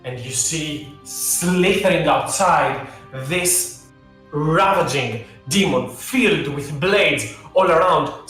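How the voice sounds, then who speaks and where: A man narrating as game master of a tabletop game, slow and halting with fillers. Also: on the high side, fairly bright tone. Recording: very echoey room.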